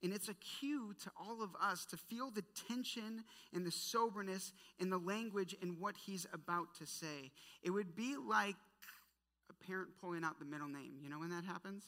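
A woman leading a casual, animated Bible study, talking conversationally with playful asides. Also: medium pitch, moderate pace. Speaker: Bible teacher. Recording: long hall reverb.

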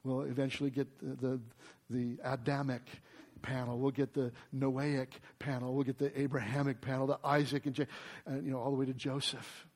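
A man preaching a sermon, telling a story with animated energy and then teaching through scripture passages. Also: medium pitch. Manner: quotes scripture, quick asides. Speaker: pastor.

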